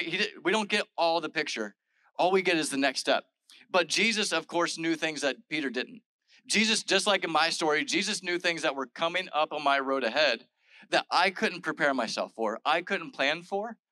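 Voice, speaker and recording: A man's voice: a little high, pushed and bright, no echo, rough recording. A male pastor giving a casual, conversational sermon, retelling scripture in everyday modern speech with lots of "like" and "all right". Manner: chatty and informal, full of "like" and "all right".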